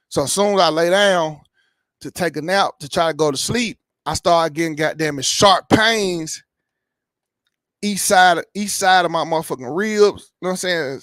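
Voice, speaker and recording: A man in his late thirties talks through a personal ordeal in loose, cursing, rambling sentences, often asking whether you follow him. His voice sits high for a man. The sound is dry and close, with no room echo. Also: moderate pace, a bit bright. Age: 30s. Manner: rambling, profane storytelling, keeps asking "you know what I'm saying". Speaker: YouTube reaction channel host. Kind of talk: casual personal health update.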